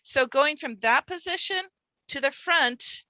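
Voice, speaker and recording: At a workshop for reading teachers, a female trainer models how to sound out words, drawing out each sound and syllable slowly. She has a bright, somewhat high voice, and the close recording is dry, without echo.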